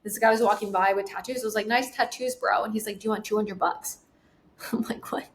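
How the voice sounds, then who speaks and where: This guest, a sales trainer in her twenties, has a medium-pitched voice and talks fairly quickly. Laughing often and acting out the quotes, she tells a casual story in an animated way.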